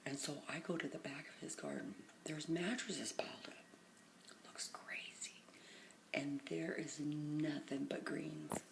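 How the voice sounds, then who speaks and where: Woman, middle-aged, tired, low gravelly voice, rambling phone vlog, hushed half-whisper at times. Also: a little slow. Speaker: vlogger. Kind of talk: casual rambling storytelling. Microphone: phone camera.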